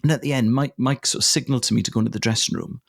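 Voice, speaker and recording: A man's voice: medium pitch, rapid-fire, creaky, dry recording, studio quality. A Welsh man in his forties, a comedian guesting on a podcast, telling a casual anecdote with swearing and laughter. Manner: animated, swearing, laughing storyteller.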